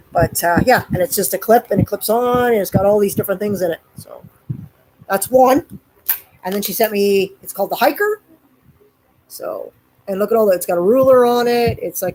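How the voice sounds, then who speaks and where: A woman's voice: mid-range voice, darkish tone, a little hiss or hum, rough recording. Chatty Canadian woman vlogging. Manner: chatty and rambling, often addressing viewers. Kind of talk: casual live-stream chat.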